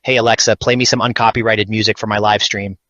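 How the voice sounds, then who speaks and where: A man's voice: fairly low pitch, flat delivery, fast, a bit bright, no echo, natural voice. A man voicing a smug, greedy male streamer in a cartoon skit. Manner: smug, whiny. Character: greedy self-important male video streamer. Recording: dull dry lo-fi sound.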